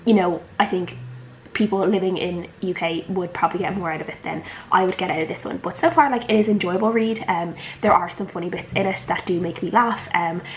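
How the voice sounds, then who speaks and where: A woman's voice: mid-range voice, slight background noise, poor audio. A young Irish woman in her twenties, a book vlogger chatting casually and rambling with lots of filler words. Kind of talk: casual chat.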